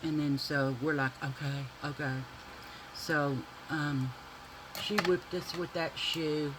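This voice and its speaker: A man telling a profane, animated childhood story to his viewers while doing makeup. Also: fairly high pitch, takes it slowly, background noise. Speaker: beauty vlogger.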